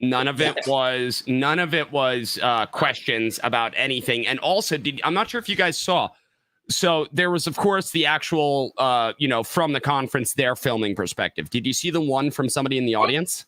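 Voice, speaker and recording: A man's voice: medium pitch, moderate pace, pushed and bright, dry recording. A man co-hosting a podcast, chatting casually with dry, wry remarks. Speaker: podcast co-host. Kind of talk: casual chat.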